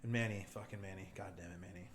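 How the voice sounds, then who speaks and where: This young man's voice is low-pitched and quick as he hosts a podcast, telling a story in relaxed conversation. Profane and animated, he performs what people said. There's a roomy echo with faint noise in the background.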